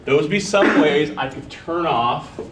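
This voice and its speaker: A man's voice: on the high side, expressive, noisy background. Guy teaching bio class, asks the room questions a lot, echoey far-off classroom recording. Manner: casual, quizzing students with quick questions. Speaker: college biology instructor. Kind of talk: classroom lecture. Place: lecture classroom.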